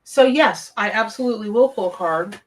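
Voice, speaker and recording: A woman's voice: mid-range voice, brisk, recorded from a distance. A woman, live-streaming a tarot reading from her home office, chatty and effusive as she greets viewers. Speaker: tarot reader on a livestream.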